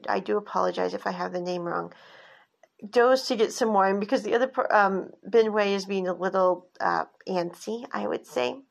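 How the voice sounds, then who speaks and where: A woman's voice: medium pitch, gravelly. A woman hosting a podcast, casually recapping a drama series with rambling, self-correcting asides.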